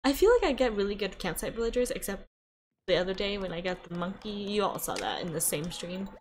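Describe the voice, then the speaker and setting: A young American woman chats casually on a live game stream through a desk microphone, thinking aloud with frequent gasps and laughs. Her medium-pitched voice swings widely in pitch at a brisk pace, with faint music in the background.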